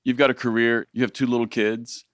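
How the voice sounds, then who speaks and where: A man's voice: mid-range voice, level tone, a little fast, fairly bright tone, no room sound, clean studio sound. A man hosting a podcast, reflecting back on his guest's words and rising into a preaching tone. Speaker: podcast host. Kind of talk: casual podcast conversation.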